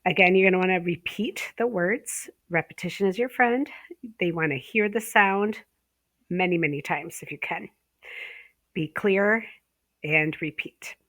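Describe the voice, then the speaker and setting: Low-pitched woman, ESL pronunciation instructor, casual teaching talk, dry close sound. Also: a bit bright, no echo. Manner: casual, fillers, drawn-out example words.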